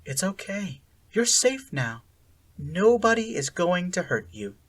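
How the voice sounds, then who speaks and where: A narrator voicing a falsely sweet American woman who holds a kidnapped girl, talking gently in a cheerful sing-song. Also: mid-range voice, sing-song, moderate pace, breathy edge, pitched above the performer's own voice. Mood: sing-song soothing.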